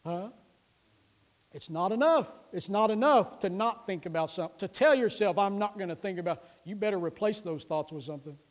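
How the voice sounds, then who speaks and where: A man's voice: high-pitched, expressive, a little fast. A middle-aged male pastor preaching a sermon, emphatic, repeating phrases and reciting scripture in a raised voice.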